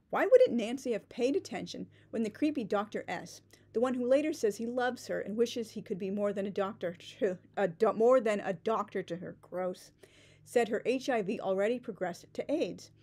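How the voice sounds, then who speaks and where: A woman with a fairly high voice rants through a book critique, sarcastic and indignant. She talks loosely, with lots of "like" fillers and restarts. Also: darkish tone.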